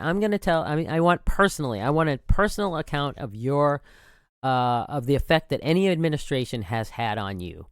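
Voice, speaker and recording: A man of about sixty holds forth on his podcast in a loose, wandering way, often stopping to restart or correct himself. His voice is smooth and even, at an ordinary middle pitch. The sound is dry and close. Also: fairly quick, no room sound. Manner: rambling, frequent restarts and self-corrections. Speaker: podcast host. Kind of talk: casual monologue.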